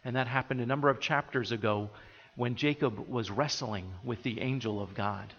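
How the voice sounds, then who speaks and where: Man preaching in a reverberant hall. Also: mid-range voice. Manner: earnest, reflective preaching with soft pauses. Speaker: pastor. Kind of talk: sermon. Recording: dull audio with long hall reverb.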